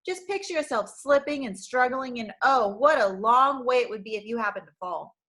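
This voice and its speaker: A woman's voice: high-pitched, lively intonation, measured pace, fairly bright tone. A woman voicing a sneering, taunting male figure of fear who mocks and threatens in a storybook.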